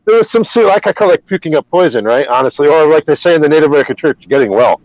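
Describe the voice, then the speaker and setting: A man's voice: a little high, expressive, very fast, a little mellow, no room sound. A man hosting a podcast who tells a personal story in rambling casual talk, full of restarts and swearing. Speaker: podcast host. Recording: dull, lo-fi podcast audio.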